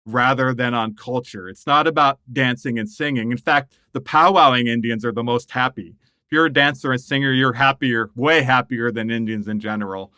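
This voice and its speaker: A middle-aged man from the United States tells stories with a bright edge to his voice. He is animated and laughs often, and the sound is dry and close to the mic. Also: mid-range voice, moderate pace, clear, resonant tone, dry recording. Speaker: guest writer. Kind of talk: conversational interview storytelling.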